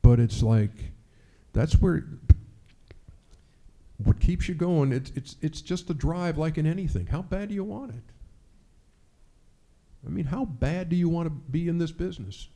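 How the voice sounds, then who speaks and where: A man's voice: fairly high pitch, lively intonation, unhurried, pauses often, dark tone. A middle-aged sportscaster giving a speech to an audience, telling stories animatedly and acting out the lines he quotes.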